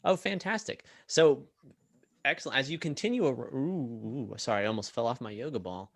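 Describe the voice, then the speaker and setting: A man's voice: medium pitch, big pitch swings, fast, no room sound. A man running a tabletop role-playing game as game master, narrating scenes loosely with many fillers and restarts.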